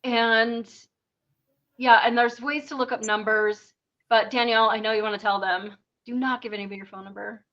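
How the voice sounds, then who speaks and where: A woman co-hosting a podcast, full of fillers and dry sarcasm. Her voice sits somewhat high. The sound is a little muffled and lo-fi. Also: fairly even intonation, normal speed. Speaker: podcast co-host. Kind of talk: casual chat.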